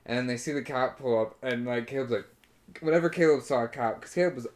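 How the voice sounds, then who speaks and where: A man's voice: medium pitch, fast talker, a little mellow. A young man co-hosting a podcast, telling a rambling story in casual chat, swearing often and acting out his friends' lines. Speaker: podcast co-host.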